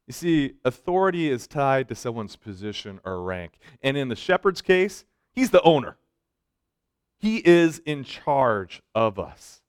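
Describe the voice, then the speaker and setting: A man preaching a sermon to students, swinging between loud emphatic lines and soft hushed ones, with joking asides. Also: mid-range voice, big pitch swings, measured pace, clear, resonant tone, no room sound, studio quality. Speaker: pastor speaking to students.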